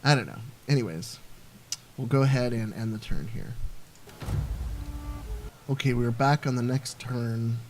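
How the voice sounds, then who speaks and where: A man's voice: mid-range voice, measured pace, long pauses, a little mellow, a little hiss or hum. A man giving casual gameplay commentary, rambling and thinking aloud with lots of fillers. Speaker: let's play host.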